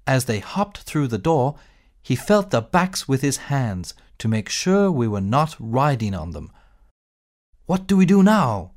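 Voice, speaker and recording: A man reading a textbook story in clear, measured narration, as a space captain telling his own adventure. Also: mid-range voice, big pitch swings. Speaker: textbook audio reader.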